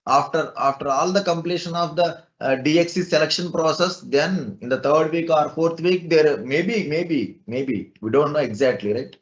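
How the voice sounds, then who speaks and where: A man's voice: a little high, normal speed, few pauses, muffled recording. A man teaching an online class, explaining step by step and asking rhetorical questions.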